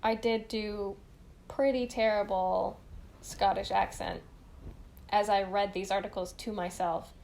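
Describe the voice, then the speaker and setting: A woman's voice: medium pitch, fairly even intonation, unhurried, vocal fry, a little mellow, slight background noise. A young woman co-hosting a podcast, chatting casually, laughing often and swearing freely. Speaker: podcast co-host. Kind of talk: casual chat.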